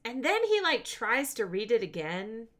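A woman with a bright, clear voice chats casually as a podcast co-host. Her pitch swings widely as she recaps scenes, and she laughs often along the way. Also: a little slow. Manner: chatty, laughs often, lively. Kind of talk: casual chat.

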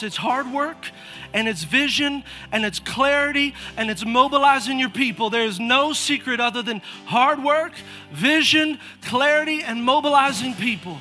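A man preaching a lively sermon as pastor of a church, energetic and calling out churchgoers by name with repeated urging. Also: extremely high pitch. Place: church auditorium.

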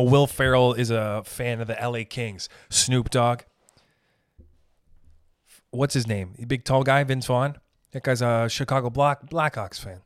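A man hosting a podcast, ranting in a rambling, profane, comedic way and slipping into quick character voices. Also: medium pitch, dry recording, studio quality. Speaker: podcast host. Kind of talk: casual comedic rant.

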